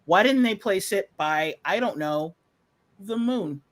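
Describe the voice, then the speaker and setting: A podcast host in casual rant mode, swearing and sarcastic, rambling through fillers and half-finished thoughts. The voice sits mid-pitch but leaps and dips constantly with lively intonation. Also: slow pace. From United States. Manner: profane, sarcastic, exasperated. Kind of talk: casual ranting commentary.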